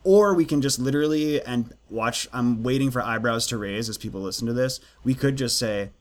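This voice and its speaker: Man, medium pitch, casual podcast co-host, animated and playful when quoting. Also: a little fast. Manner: animated, acts out quoted lines with jokey voices. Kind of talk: casual chat about writing craft.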